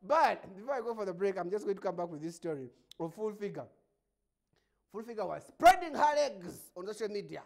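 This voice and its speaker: A man's voice: sits high, a little fast, vocal fry. A Ugandan man hosting a show, talking through a casual comedic monologue with plenty of laughing and mockery. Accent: Ugandan English. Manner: animated, laughing, mocking. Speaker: show host.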